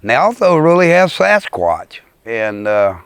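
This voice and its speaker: A man's voice: medium pitch, big pitch swings, unhurried, smooth, no room sound. A man with a Louisiana bayou accent, speaking earnestly and plainly about what he believes in an interview. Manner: earnest, plain-spoken, insistent. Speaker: storyteller interviewee. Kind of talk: casual storytelling in an interview.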